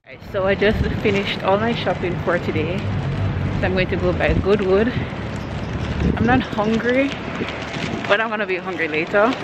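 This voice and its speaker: A woman's voice: mid-range voice, moderate pace, long pauses, lo-fi sound, very noisy. A young adult woman chatting casually in a vlog, playful and slangy, laughing often while out shopping. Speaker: vlogger. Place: clothing shops and city streets.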